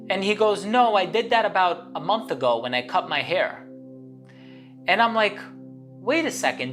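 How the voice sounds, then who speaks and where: A woman's voice: medium pitch, lively intonation, normal speed, a bit bright. A woman hosting her own channel, telling a story to the camera in a chatty, rambling way, full of fillers and restarts. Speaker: channel host. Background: guitar music.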